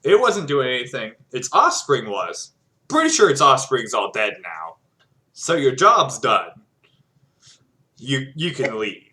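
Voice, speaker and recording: A man's voice: medium pitch, sing-song, unhurried, sharp tone. A man talking as a player in a tabletop game, earnest and pleading. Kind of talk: casual tabletop play.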